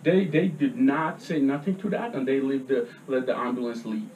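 A man's voice: medium pitch, fairly even intonation, moderate pace, darkish tone, muffled recording, a little hiss or hum. A man giving a heated public comment at a meeting, agitated and repeatedly pressing his points with "okay?". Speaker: resident speaking at a public meeting. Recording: echoey room from far off.

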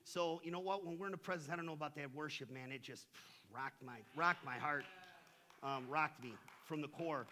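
A middle-aged male pastor preaching a sermon in a church, conversational and full of slang, swinging between hushed asides and impassioned shouts. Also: fairly high pitch, moderate pace. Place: church sanctuary.

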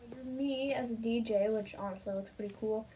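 A woman's voice: on the high side, brisk, breathy edge. Playful, chatty woman narrating her doodles. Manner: playful, chatty, reads prompts in lively voices. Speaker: art channel creator. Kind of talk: casual drawing commentary.

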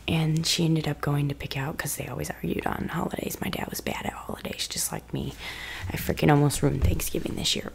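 Low whispering woman in a rambling ASMR chat. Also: a little hiss or hum. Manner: rambling, casual, with frequent cussing. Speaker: ASMR creator. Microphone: close ASMR microphone.

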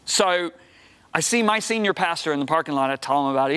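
A preacher in his sixties tells a long story as a talk-show guest in a television studio. His voice sits a little high for a man and jumps higher whenever the story heats up. He keeps it emphatic and lively. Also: fast talker, clear, resonant tone. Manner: emphatic, rising to high excited outbursts.

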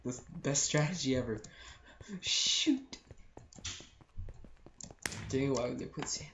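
A teenage gameplay commentator talking excitedly and yelping in panic, repeating phrases over and over. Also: mid-range voice, noisy background. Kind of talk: excited let's-play commentary. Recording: echoey room with keyboard clicks.

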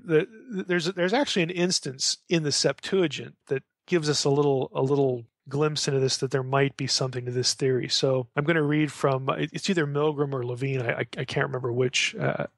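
A man's voice: mid-range voice, steady tone, moderate pace, gravelly, hardly any pauses, no echo, clean studio sound. A man giving an informal lecture on scripture, talking conversationally, often restarting phrases and reading passages aloud. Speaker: Bible scholar lecturing.

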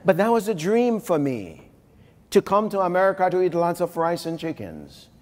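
A man's voice: high-pitched, very animated, moderate pace. A man from Haiti, giving a live motivational keynote speech and speaking emphatically, repeating phrases and addressing the crowd directly. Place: large conference hall. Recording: long hall reverb from a conference room.

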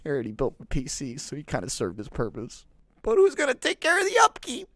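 A young man doing comedic gameplay commentary, acting out melodramatic mock grief. He swings between shouts and mutters and swears freely. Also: on the high side, wildly swooping pitch, quick pace, dry recording. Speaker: let's play gamer.

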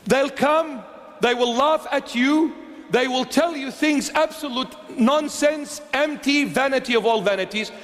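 A man's voice: very high voice, unhurried, fairly bright tone, big-room sound. A man, a bishop, preaching a sermon with emphatic, pleading repetition. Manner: emphatic, repeats phrases, pleading.

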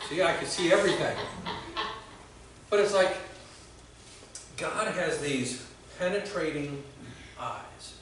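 A male pastor giving a conversational sermon, telling stories with halting restarts. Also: on the high side, a bit bright, slight background noise. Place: church sanctuary. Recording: very echoey church hall from far off.

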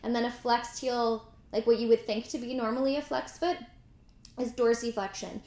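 A woman's voice: on the high side, steady tone, moderate pace, darkish tone, echoey room. A woman teaching a mat pilates class, cueing moves, counting reps and adding chatty asides. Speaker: pilates instructor. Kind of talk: guided workout instruction.

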